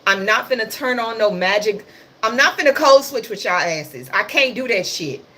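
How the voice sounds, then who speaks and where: Lady running her morning live, blunt and sarcastic, bright punchy voice, faint hum behind. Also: a little high, animated, normal speed. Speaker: livestream host. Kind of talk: casual livestream news chat.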